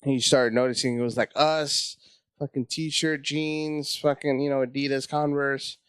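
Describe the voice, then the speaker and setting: A man telling a casual, profane story as a comedy guest, acting out his own panic in high voices. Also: flat delivery, normal speed, fairly bright tone, clean tone, dry recording, clean studio sound.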